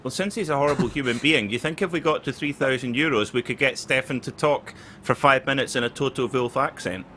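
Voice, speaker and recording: A man's voice: mid-range voice, a little fast, few pauses, pushed and bright, a little hiss or hum. A man co-commentating a live race stream, reading out donations with a jokey, playful manner.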